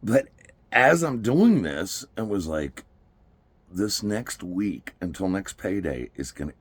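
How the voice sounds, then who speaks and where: Animated deep-voiced man. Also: slow, pauses often, no echo. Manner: animated, laughing often, acts out quotes. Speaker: father telling a story. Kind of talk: casual storytelling.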